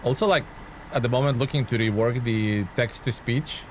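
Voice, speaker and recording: Here a medium-pitched male voice at normal speed provides live commentary on a truck game he's streaming. He chats casually with viewers as he plays, greeting and thanking the chat. Slight background noise is audible.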